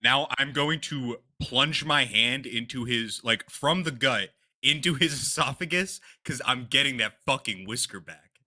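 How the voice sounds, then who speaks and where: Crude, sharp-toned male player. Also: mid-range voice, measured pace. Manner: crude, animated describing of actions. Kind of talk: tabletop game play, casual.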